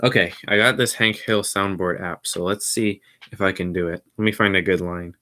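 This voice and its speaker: Low-voiced man rambling casually. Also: steady tone, normal speed, pushed and bright. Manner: rambling, low-key and mumbly. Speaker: podcast host. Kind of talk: casual solo livestream chat.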